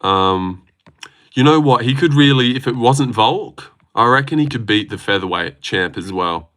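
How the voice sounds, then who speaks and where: At a moderate pace and with a mid-range voice, a young Australian hosts a laid-back livestream. He reads comments out loud, chatting excitably and swearing as he goes.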